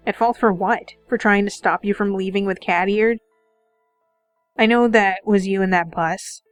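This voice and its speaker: A woman's voice: fairly even intonation, measured pace, no room sound, soft background music, close to an everyday voice. A woman voicing a bitter, resentful young man trapped in a time loop, reading a visual novel aloud. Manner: bitter, resentful, low-key.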